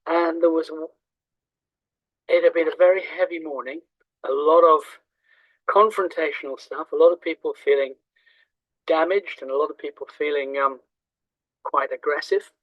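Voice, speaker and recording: A man in his sixties, his voice sitting a little high, teaches in a reflective, halting manner full of ums and restarts. The recording is dry and close, with a slightly dull, muffled top end. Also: fairly even intonation, no echo. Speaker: teacher of Chinese metaphysics. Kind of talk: reflective teaching talk with anecdotes.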